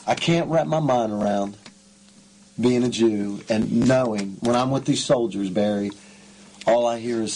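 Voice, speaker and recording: A male talk show host speaking fervently and excitably, often repeating himself. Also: medium pitch, unhurried, a little hiss or hum. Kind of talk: emotional radio interview.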